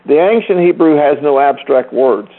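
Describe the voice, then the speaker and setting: A man's voice: a little high, expressive, normal speed. A man in his sixties teaching a group on a phone call, earnest and emphatic, repeating key phrases for weight. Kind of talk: informal teaching talk. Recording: tinny phone line.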